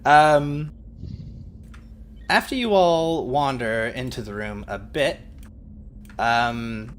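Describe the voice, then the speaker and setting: A man's voice: medium pitch, very slow, slight background noise. A man narrating a tabletop game as game master, describing scenes vividly and laughing often.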